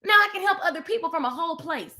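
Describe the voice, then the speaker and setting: A woman hosting a casual faith-based motivational talk, animated and preachy, calling her viewers "baby" and "honey.". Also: very high voice, fast talker. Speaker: host of a live motivational stream.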